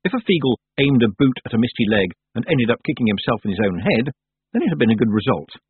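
A male narrator reads a storybook aloud with dramatic expression. His voice is very husky and swings widely in pitch, and it comes through dry and narrow, like over a phone. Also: sing-song, quick pace, no room sound. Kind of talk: storybook reading.

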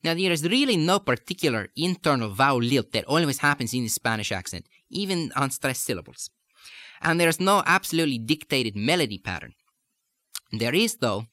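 Guy teaching an accent lesson, bright voice, dry close sound, calm explaining. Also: medium pitch, no echo. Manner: measured, demonstrates lilts while explaining. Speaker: dialect coach.

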